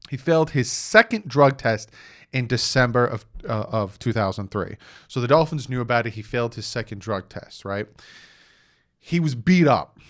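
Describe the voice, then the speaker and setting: A young man hosting his own sports channel, telling a story in a casual, animated way, acting out quotes and tossing in "right?" asides. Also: medium pitch. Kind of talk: casual sports commentary vlog.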